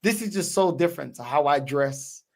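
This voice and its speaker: A man telling a story in casual chat, animated and laughing, with a lot of slang. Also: on the high side, moderate pace, vocal fry.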